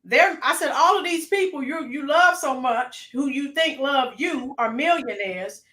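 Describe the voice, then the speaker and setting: A woman's voice: sits high, lively intonation, a little slow, fairly bright tone, echoey room. A woman hosting a casual political livestream, getting fired up and talking to her chat by name. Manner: fired-up, talks back to live chat by name. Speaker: livestream host.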